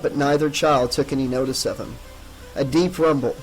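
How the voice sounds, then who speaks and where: A man narrates a horror audiobook at a measured pace. His voice sits in a middle range and stays dramatic but controlled. Faint music plays beneath the reading. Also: medium pitch, fairly even intonation, low-quality recording.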